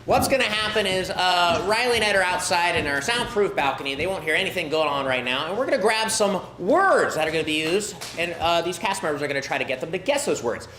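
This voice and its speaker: A man hosting a live improv comedy show on a theatre stage, warming up the crowd with upbeat, loud calls into a handheld mic. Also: high voice, animated, fast, few pauses. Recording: echoey room, noisy audience.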